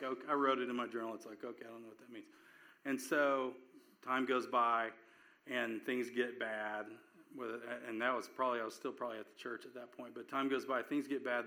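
A man's voice: medium pitch, pushed and bright. A man preaching in a conversational sermon, telling a personal story earnestly with frequent restarts.

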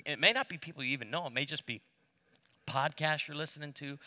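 Preaching about marriage before a live crowd in a large hall, a middle-aged pastor tells humorous stories and pokes fun at himself. He talks fast, in a slightly high voice with a sharp tone.

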